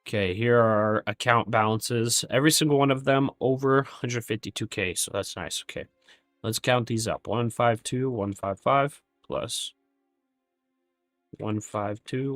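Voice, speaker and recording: A man talks through his trades on a live stream and thinks aloud as he works the numbers. He is candid and openly critical of his own mistakes. His voice sits fairly low and sounds dry and close, with faint music underneath. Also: a bit bright, dry recording. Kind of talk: live trading commentary.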